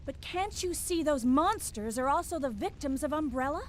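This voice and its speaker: Determined young game heroine: firm, steady, caring, high-pitched. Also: female voice, moderate pace, slight background noise.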